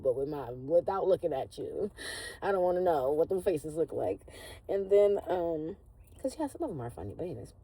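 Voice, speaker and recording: Low husky-creaky woman, frank and chatty. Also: animated, normal speed, warm tone, slight background noise, low-quality recording. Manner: loose, chatty and frank, laughing, swearing. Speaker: tarot reader. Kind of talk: casual spoken tarot reading.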